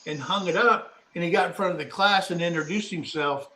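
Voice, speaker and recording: A middle-aged man co-hosts a casual live talk show, his voice sitting high, brisk and bright with a forceful edge. He tells a rambling anecdote in a chatty storytelling style, acting out what people said. The room sounds echoey.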